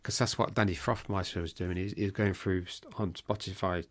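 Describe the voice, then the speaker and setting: A man co-hosting a casual podcast, chatty and rambling, his voice going hoarse. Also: deep voice, steady tone, moderate pace. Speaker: podcast co-host.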